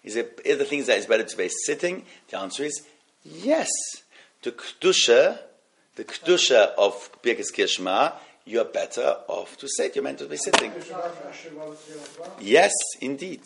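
A man's voice: medium pitch, sing-song, normal speed, gravelly, a bit bright, slightly rough. A man teaching an evening class on law, who chants Hebrew text and explains it in with hesitant restarts.

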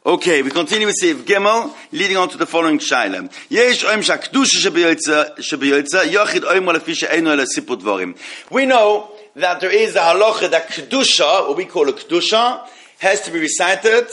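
A man giving a halacha class, reading Hebrew passages quickly and then explaining them in English, often repeating himself. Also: fairly high pitch, animated, pushed and bright. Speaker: Torah teacher.

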